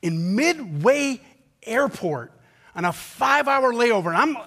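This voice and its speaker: Middle-aged male pastor, high-pitched voice, anecdotal, emphatic sermon delivery. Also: expressive, unhurried, a bit bright. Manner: anecdotal and emphatic, with rhythmic repetition. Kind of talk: conversational sermon storytelling.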